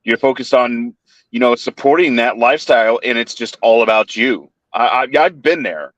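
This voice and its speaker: A man's voice: mid-range voice, moderate pace, fairly bright tone, no echo. A man hosting a live stream chat, earnest and sympathetic. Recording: dull lo-fi audio.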